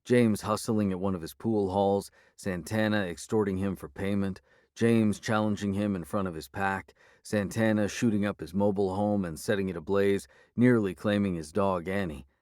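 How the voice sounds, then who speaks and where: Low-voiced male audiobook narrator. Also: fairly even intonation, normal speed, darkish tone, no echo, clean studio sound. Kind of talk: scripted first-person narration.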